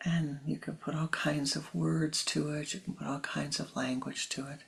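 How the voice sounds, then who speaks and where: A spiritual teacher giving a slow, meditative talk, often repeating phrases and dropping into soft, whispery stretches. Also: mid-range voice, little pitch movement, creaky.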